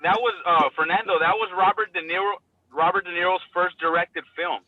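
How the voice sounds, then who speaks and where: A man's voice: high-pitched, fairly even intonation, fairly quick, phone-quality sound. A man chiming in with corrections during casual chat.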